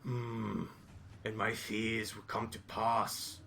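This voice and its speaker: A man voicing a gruff male ogre warrior who hunts heretics, speaking in theatrical, solemn declarations. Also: on the low side, little pitch movement, takes it slowly, pushed and bright, slight background noise, pitched below the performer's own voice, heavily acted. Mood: grim.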